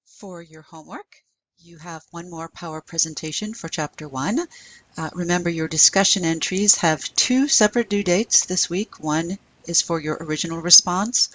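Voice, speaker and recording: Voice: medium pitch, a bit bright, rough recording. Methodical language instructor, recorded lecture, walks students through tasks one step at a time.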